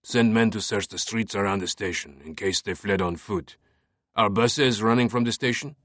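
A hard-edged male police captain, clipped and commanding, speaking low and quiet, put on by a male audiobook reader. The sound is dry and close, with no room around it. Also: moderate pace, dry recording, lightly acted. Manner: clipped, curt orders. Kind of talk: audiobook character voice.

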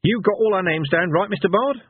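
A man's voice: high voice, a little fast, slightly rough, no echo, pitched above the performer's own voice. A man voicing a blunt, bossy, aged barbarian hero in a storybook reading, with a tinny, phone-like sound. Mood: rousing. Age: older. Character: aged scrawny barbarian hero, gruff leader.

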